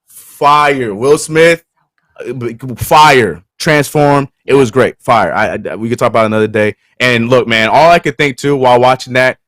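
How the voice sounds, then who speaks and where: Man, relaxed sports talk co-host, casual and easygoing, laughs a lot, dry close sound, restarts his sentences. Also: mid-range voice, normal speed, dry recording. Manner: laid-back, laughs often, trails off and restarts.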